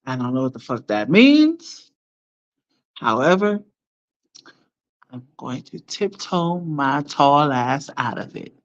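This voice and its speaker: A woman with children chatting casually to viewers on a live stream, animated and blunt, laughing often and using slang. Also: rumbling low, slow pace, long pauses. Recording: dull lo-fi sound.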